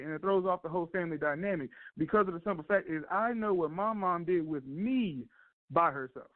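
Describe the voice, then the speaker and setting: A man's voice: high-pitched, brisk. A man calling in to a radio talk show, speaking earnestly and from the heart. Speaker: caller. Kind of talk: casual radio call. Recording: tinny phone line.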